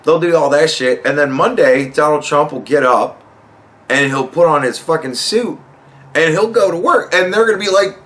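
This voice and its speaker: A man's voice: fairly high pitch, normal speed, fairly bright tone. A man hosting a podcast in a casual, rambling comedic monologue, swearing freely and laughing often. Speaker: podcast host.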